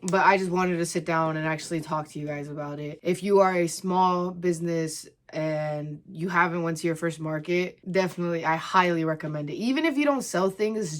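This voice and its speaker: Emotional young woman gushing to camera. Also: on the low side. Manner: emotional, gushing, many "like" fillers. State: teary, crying at times. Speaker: crochet vlogger. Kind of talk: casual talk to camera.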